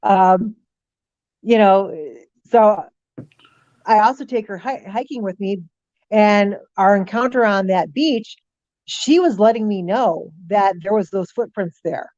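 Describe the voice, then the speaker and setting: A middle-aged woman, a guest on an interview show, telling lively stories, voicing animals' thoughts and dropping frequent ums. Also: mid-range voice, takes it slowly, no echo, highs cut off. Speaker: guest, paranormal author. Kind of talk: casual storytelling interview.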